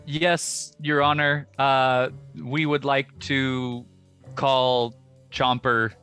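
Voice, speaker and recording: A man's voice: mid-range voice, level tone, bright, forceful tone, clean tone, faint music behind. A man playing a tabletop game, giving formal courtroom speeches in character. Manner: formal, measured. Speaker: player.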